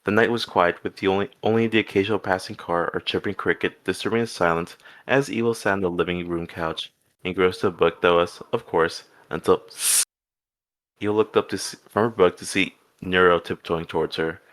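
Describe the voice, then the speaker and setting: Low male reader, steady storybook narration. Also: fairly quick. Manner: steady reading with occasional restarts. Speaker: fanfic reader. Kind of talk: reading fan fiction aloud.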